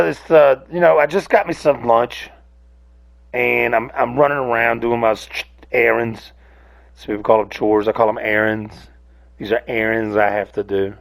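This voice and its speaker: A man's voice: medium pitch, gravelly. A man, ranting casually to camera, rambling and cursing with many restarts. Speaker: host. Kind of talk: casual solo rant to camera. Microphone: camera on a device, close.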